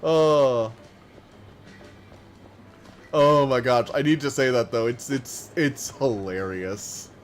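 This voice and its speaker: A man streaming a game, chatting casually and rambling, talking fast and slurring his words together. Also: mid-range voice, soft background music. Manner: chatty and rambling, many fillers. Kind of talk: casual live-stream chat while gaming.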